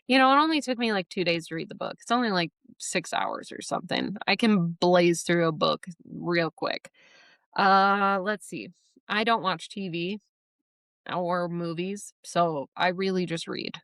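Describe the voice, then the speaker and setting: Rambling, swearing woman host with a low voice. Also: no room sound. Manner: rambling, animated, swears casually. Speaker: podcast host. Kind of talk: casual storytelling monologue.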